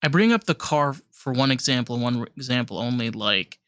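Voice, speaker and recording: A man's voice: medium pitch, animated, brisk, fairly bright tone, smooth, dry recording, studio quality. A man hosting a podcast interview, talking in a loose, rambling way with many fillers. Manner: rambling, lots of likes and restarts. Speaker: podcast host. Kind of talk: casual interview chat.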